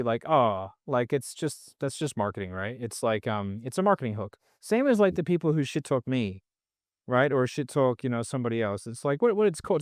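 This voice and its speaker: A man's voice: medium pitch, darkish tone, smooth, no echo, studio quality. A man as a podcast guest, talking in a rambling, blunt way full of swearing and filler words. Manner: rambling, blunt and profane, heavy use of "like". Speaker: sales trainer guest. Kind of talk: casual podcast conversation.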